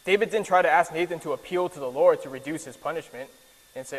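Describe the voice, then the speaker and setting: A man's voice: a little high, quick pace. A man teaching a Bible lesson as a preacher, in a casual, earnest way with many fillers and restarts. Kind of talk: conversational sermon with slides. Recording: long hall reverb.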